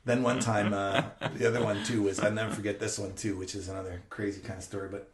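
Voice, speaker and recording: A man's voice: lowish voice, fast, roomy sound, over a noisy crowd. A man in his fifties, a former teacher and coach, telling a story on a podcast with laughter and acted-out scenes. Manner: animated, laughing, acts out scenes. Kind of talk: casual storytelling.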